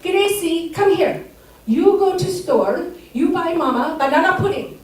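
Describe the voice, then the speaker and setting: A woman voicing her older mother as a scolding parent with broken English, loud and shrill. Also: lively intonation, measured pace, reverberant, far from the mic. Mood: bossy.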